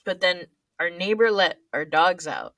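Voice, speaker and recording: A young woman co-hosting a casual podcast chat, playful and quick to laugh. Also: on the low side, expressive, sharp tone, no echo. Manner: laughs often, chatty and playful. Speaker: podcast co-host.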